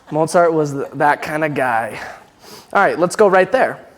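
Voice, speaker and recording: Slow-speaking choir director in a reverberant hall. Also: male voice, a little high, wildly swooping pitch. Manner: coaching Latin diction, speaking lines for singers to repeat. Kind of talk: choir rehearsal instruction. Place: church rehearsal space. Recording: long reverb of a church hall.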